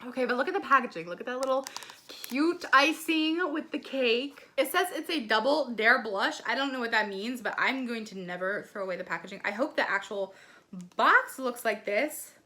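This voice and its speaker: A woman beauty vlogger gushing through an excited unboxing, gasping often and filling her talk with "like" and "oh my gosh.". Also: a little high, moderate pace. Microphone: ring light setup, desk camera.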